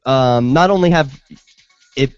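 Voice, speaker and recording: A man's voice: mid-range voice, unhurried, a little mellow, smooth, dry recording, faint music behind. A man hosts a casual talk show, curious and chatty, with a middle-range voice. The sound is dry and lo-fi. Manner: chatty, asks probing questions, reads listener chat. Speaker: show host.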